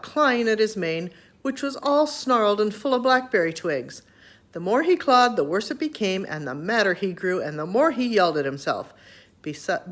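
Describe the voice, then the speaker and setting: A woman reading a children's chapter book aloud to her grandchildren, expressive and homely. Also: mid-range voice.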